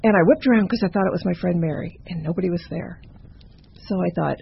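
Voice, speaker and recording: A woman's voice: on the low side, fast, creaky, lo-fi sound, slight background noise. A woman telling a campfire ghost story in a conversational way, with stumbling asides.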